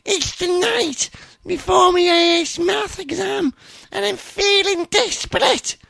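Bloke doing a squeaky teen girl voice, slow and a bit gravelly, reading out an email. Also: pushed and bright, dry recording, full character voice. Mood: excited. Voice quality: high squeaky put-on voice. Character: young woman listener reading her own email. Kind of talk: reading out a listener email in a put-on voice.

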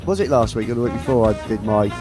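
A man's voice: on the low side, lively intonation, fast talker. Guy hosting a web radio show, jokey chat, music playing behind. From Scunthorpe, England. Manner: chatty, joking, self-mocking, trailing off and restarting. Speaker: internet radio host.

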